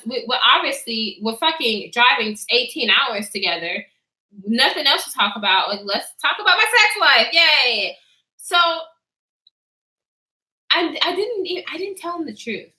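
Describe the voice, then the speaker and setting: This high-sitting female voice moves at a moderate pace in a reverberant space. A young woman vlogger casually tells a story time, animatedly acting out what people said, reading the live chat, and laughing often.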